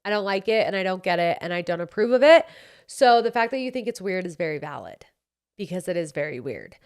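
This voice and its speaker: A woman's voice: medium pitch, smooth. Blunt, sassy woman with a Utah accent. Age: 20s. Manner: blunt, sassy, swears freely. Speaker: podcast host. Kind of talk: casual advice chat.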